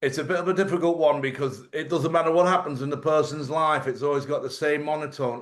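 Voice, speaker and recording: A man's voice: on the high side, steady tone, fast talker, few pauses. A man hosting a casual live-stream chat. He jokes, laughs often and swears freely. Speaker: host.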